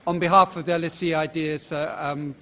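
A man moderating a debate thanks the audience and partners. His voice is bright and fairly high, and his words stall on many fillers. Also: steady tone, a little fast.

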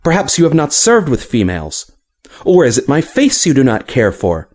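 Brief: man reading proud, prickly woman officer, slow haughty delivery, lively pitch. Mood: scornful. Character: proud scarred woman officer, fierce and touchy.

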